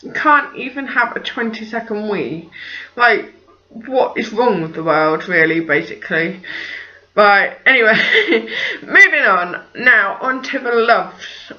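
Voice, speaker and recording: A young woman talks through her vlog in a loose, rambling way, her "like"s and "just"s piling up. Her voice is bright and a little tense. The recording sounds dull and lo-fi, as if made at home. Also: a little high, very animated, slow pace. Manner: chatty and rambling, full of "like" and "just". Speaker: parenting vlogger. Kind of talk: casual vlog chat.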